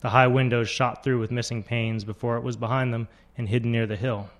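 A man narrating literary fiction in a steady, measured reading voice. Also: mid-range voice.

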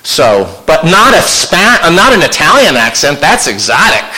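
A man's voice: fairly high pitch, wildly swooping pitch, moderate pace, pushed and bright, low-quality recording. A man giving an informal illustrated history lecture to an audience, conversational and with wry asides. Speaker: local historian giving a slide talk.

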